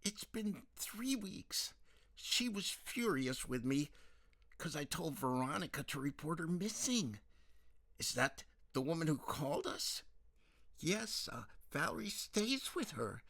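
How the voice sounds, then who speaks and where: A man voicing a worried middle-aged mother who pleads softly and tenderly with her daughter. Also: low voice, very animated, slow pace, voice pushed up, exaggerated voice. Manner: soft, coaxing, close to tears.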